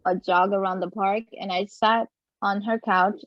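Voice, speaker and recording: A woman in her thirties, a guest in a casual chat, telling her story in an animated way with many fillers. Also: mid-range voice, unhurried, dry recording, highs cut off. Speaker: interview guest.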